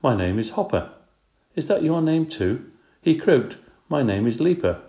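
A man's voice: mid-range voice, sing-song, a little slow, dark tone, pitched above the performer's own voice. A man voicing an eager little schoolgirl reciting in a singsong way, in a roomy recording. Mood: proud. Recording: roomy echo.

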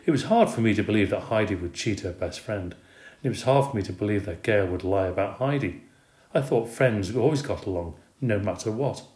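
A man reads a children's storybook aloud with lively expression. His voice sits on the low side. The recording carries a noticeable room echo. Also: a little fast. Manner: expressive, animated reading. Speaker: reader. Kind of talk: storybook narration. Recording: roomy recording.

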